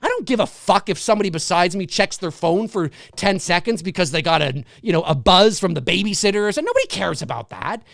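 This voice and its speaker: A man hosting a live movie talk show, ranting in exasperation, repeating rhetorical questions, swearing and bursting into shouts. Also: high voice, very animated, quick pace, gravelly, few pauses, no room sound, studio quality. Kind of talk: ranting solo commentary.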